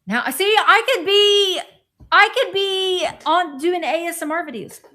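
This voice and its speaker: A woman's voice: extremely high pitch, lively intonation, normal speed, bright, forceful tone. A middle-aged woman chatting casually as she shows off a thrift haul, rambling and talking to friends nearby. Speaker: thrift vlogger. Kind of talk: casual haul show-and-tell.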